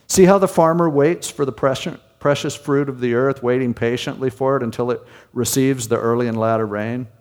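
This pastor's mid-range voice is a little mellow and brisk, barely pausing. He delivers an expository sermon conversationally, often posing rhetorical questions, in a recording with long hall reverb.

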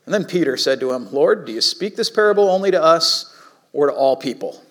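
A man preaching a sermon in a casual, conversational way, with animated asides to the congregation. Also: fairly high pitch, a little fast. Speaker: pastor.

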